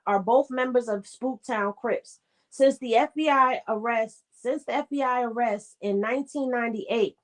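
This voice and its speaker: A woman co-hosting a casual chat, reading documents aloud and breaking off for quick asides. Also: on the high side. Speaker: co-host.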